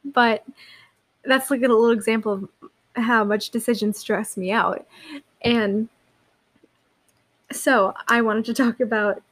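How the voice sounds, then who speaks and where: A young woman hosting her own podcast, talking casually and rambling, with many likes and restarts. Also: mid-range voice. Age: young adult. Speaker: podcast host. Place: seated in a chair.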